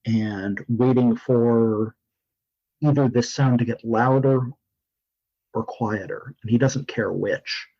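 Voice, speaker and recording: Measured man playing a tabletop game. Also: medium pitch, dark tone. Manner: measured, planning aloud. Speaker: player. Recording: dull lo-fi sound.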